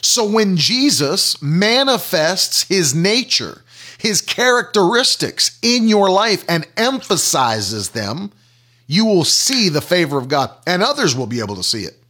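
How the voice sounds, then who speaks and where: A man's voice: high-pitched, sing-song, unhurried, sharp tone. A man preaching a sermon, teaching through questions and everyday examples and repeating key phrases for emphasis.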